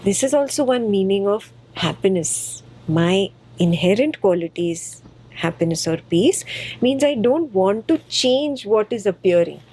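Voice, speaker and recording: A woman's voice: medium pitch, lively intonation, unhurried, dark tone, rough recording. A woman teaching a spiritual text to her students. She is patient and playful and repeats phrases for emphasis.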